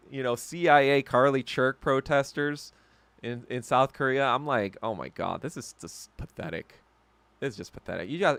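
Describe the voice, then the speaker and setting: Podcast guy ranting n cussing, laughs a lot, bouncy pitch, dry close sound. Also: sharp tone, no echo. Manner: profane, ranting, laughs often. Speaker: podcast host. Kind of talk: casual livestream chat reacting to viewer comments.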